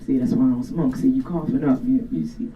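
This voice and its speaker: A woman with a deep voice performing a profane, animated stand-up comedy set in a garage studio. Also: fairly quick, muffled recording. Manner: profane, animated storytelling with crowd banter. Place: garage studio with live audience. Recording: distant mic, live crowd laughter.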